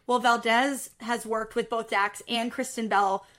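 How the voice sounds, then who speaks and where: A woman with a slightly high voice tells a story in a relaxed interview. She is animated, acting out the people in it and laughing as she goes. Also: unhurried. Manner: animated, acts out quotes, laughs while telling. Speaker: production supervisor, guest.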